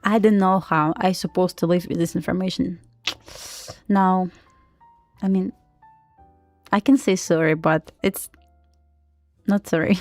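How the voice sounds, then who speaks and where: A woman with a Russian accent chatting casually on a live trading stream, full of "like" fillers and quick laughs. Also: fairly low pitch, a little mellow, no echo. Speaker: live-streaming day trader.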